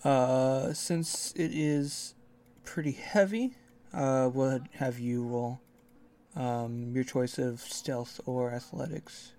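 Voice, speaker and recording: Gravelly-voiced man running a tabletop game. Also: medium pitch, steady tone, slow, mellow. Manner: rambling, many fillers and restarts. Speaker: game master.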